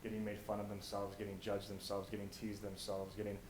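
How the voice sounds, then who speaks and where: A young American man giving an inspirational stage talk, telling stories and swinging from hushed to loud. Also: on the low side, completely flat delivery, fairly quick. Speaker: motivational speaker. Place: college auditorium. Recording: echoey auditorium, faint noise.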